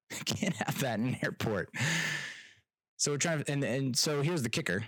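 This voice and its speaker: A man's voice: medium pitch, lively intonation, moderate pace, a bit bright, no room sound, studio quality. A young man telling a travel story as a casual rant, exasperated and sarcastic, laughing often and swearing.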